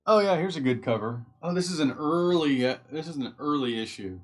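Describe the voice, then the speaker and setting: A man's voice: a little high, expressive, a little fast, soft background music. Chatty, easily sidetracked streamer guy. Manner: chatty, easily sidetracked, thinks aloud while reading. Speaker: live stream host. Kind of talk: casual live-stream chat.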